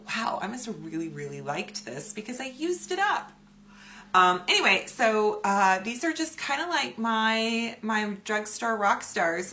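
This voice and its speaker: A woman in her forties, a beauty vlogger talking casually and animatedly to her viewers. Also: lowish voice. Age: 40s. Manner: chatty, animated, acts out quoted voices. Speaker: beauty YouTuber. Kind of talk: casual chatty vlog.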